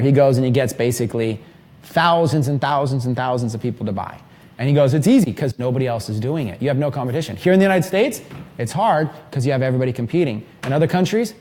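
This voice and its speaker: A man in his thirties giving an energetic, rambling live seminar talk to a small group in an event room. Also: mid-range voice. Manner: energetic, rambling, filler-heavy. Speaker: mastermind trainer.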